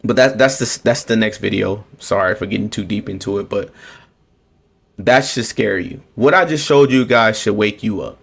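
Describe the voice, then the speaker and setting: A man's voice: lowish voice, moderate pace, creaky, husky. A man giving a casual, repetitive political rant to camera, often restarting his sentences. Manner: repetitive, restarts, sarcastic mocking quotes. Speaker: political commentator.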